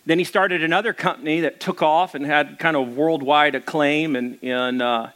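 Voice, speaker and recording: A man's voice: a little high, fairly even intonation, moderate pace, a bit bright. A man who is a pastor, telling stories in a casual, rambling sermon with many fillers. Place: church.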